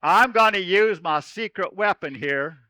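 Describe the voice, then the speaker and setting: A man's voice: high voice, lively intonation, measured pace, sharp tone, no room sound, low-quality recording. A man speaking as a folksy cowboy storyteller, giving a playful chapel talk to children at camp. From Oregon.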